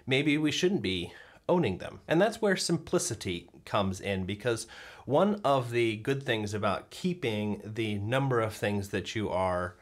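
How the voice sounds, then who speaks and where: A man's voice: lowish voice, expressive, unhurried. A man hosting a talk on everyday spirituality, speaking thoughtfully with frequent fillers and restarts. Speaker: host. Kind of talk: casual talk to camera on faith.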